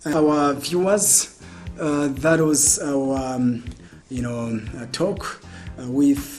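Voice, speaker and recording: A man's voice: fairly high pitch, steady tone, slow, a little mellow, soft background music. A man hosting a TV interview show, talking with many hesitant fillers. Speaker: TV talk show host. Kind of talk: closing a TV interview.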